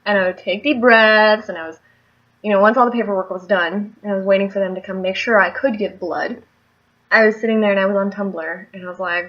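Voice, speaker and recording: A woman's voice: mid-range voice, fairly even intonation, brisk, lo-fi sound. Chatty young woman vlogging. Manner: chatty, rambling, laughs often. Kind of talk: casual storytelling vlog.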